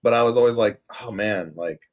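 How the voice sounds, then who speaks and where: A young man co-hosting a casual podcast, joking and swearing with quick comebacks. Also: on the low side. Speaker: podcast co-host. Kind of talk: casual banter.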